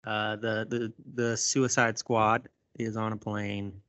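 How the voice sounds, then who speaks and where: A man casually recapping a movie, animated and profane, acting out lines as he goes. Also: on the low side, slow. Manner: animated, swears a lot, acts out lines. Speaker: podcast host recapping a movie. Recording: dull lo-fi sound.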